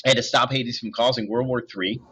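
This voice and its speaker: A man reading a novel aloud in an expressive, storytelling manner. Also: medium pitch, a little fast, slightly rough. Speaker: audiobook reader.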